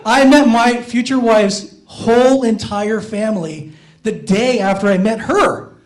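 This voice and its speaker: A man with a high, light voice telling self-deprecating stories in a stand-up comedy set on a small theater stage. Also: measured pace, poor audio. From Iowa, USA. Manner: self-deprecating storytelling, jumps up in pitch for inner thoughts.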